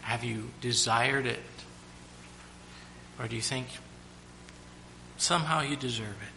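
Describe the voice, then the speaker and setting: A man preaching a sermon to his church, now and then shouting out the lines of the story he tells. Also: medium pitch, takes it slowly, a little hiss or hum. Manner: preaching with sudden loud acted-out shouts.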